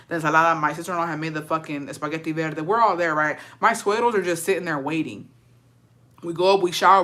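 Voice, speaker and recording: A woman's voice: fairly low pitch, fairly bright tone. A young adult woman telling a story in a casual, profane rant, slipping in Spanish words. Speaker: storyteller on a livestream.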